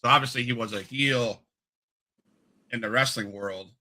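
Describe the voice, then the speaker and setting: A man's voice: mid-range voice, normal speed, sharp tone, poor audio. A man hosting an interview, asking friendly questions and often restarting mid-sentence. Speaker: interview host.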